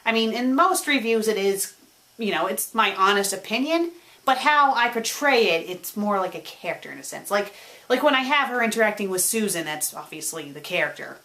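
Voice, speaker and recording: This web show host talks fairly quickly at a medium pitch while answering viewers' questions in a relaxed vlog. Her energy swings between excited and subdued, she speaks animatedly, and she repeats words when she stumbles.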